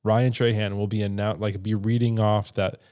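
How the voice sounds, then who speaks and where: A man's voice: fairly low pitch, flat delivery, normal speed, dark tone, clear, resonant tone. A young man co-hosting a podcast, chatting casually and rambling with frequent restarts. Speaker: podcast co-host. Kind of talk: casual chat.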